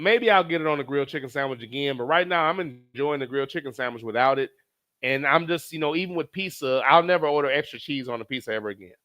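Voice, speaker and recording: A man streaming live, reading chat messages aloud in a casual, animated, profane way. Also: fairly high pitch.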